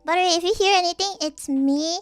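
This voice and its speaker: A woman's voice: extremely high pitch, quick pace, faint music behind. A young woman streamer chatting casually, rambling and giggly with many restarts. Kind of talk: casual chat.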